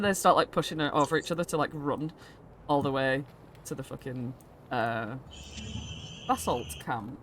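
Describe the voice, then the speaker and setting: A woman's voice: rumbling low, moderate pace, long pauses, a little hiss or hum. Giggly woman running a game. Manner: rambling and giggly, with lots of fillers. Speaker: game master. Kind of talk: narrating a tabletop game.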